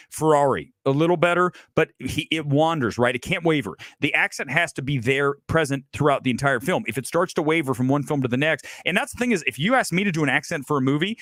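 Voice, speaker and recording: A man's voice: medium pitch, fairly bright tone, no room sound, clean studio sound. A man hosting a film review livestream, talking bluntly and emphatically with self-assured opinions. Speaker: film critic host.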